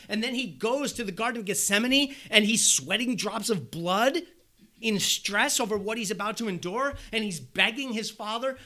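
A man preaching a sermon, animated, asking rhetorical questions and acting out the voices of the people he quotes. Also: high voice, moderate pace. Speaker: pastor.

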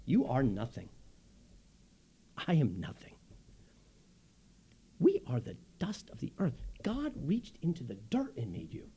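A man preaching a sermon as pastor, swinging from loud emphasis to hushed, near-whispered lines. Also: mid-range voice, huge pitch swings, measured pace, pauses often, slightly rough, lo-fi sound.

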